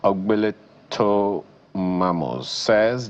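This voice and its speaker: A man from Nigeria co-hosting a television talk show, asking measured questions and reading out viewer messages. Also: lowish voice, dull audio. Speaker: TV show co-host.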